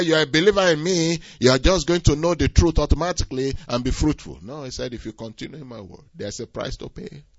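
A man preaching a sermon, swinging from quiet asides to loud, rising exhortation. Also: on the low side, no room sound. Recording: dull, slightly lo-fi dry recording.

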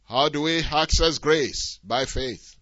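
A man's voice: on the high side, takes it slowly, pushed and bright, no room sound. A man preaching a sermon, emphatic and exhorting, asking the congregation rhetorical questions. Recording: dull, dry lo-fi sound.

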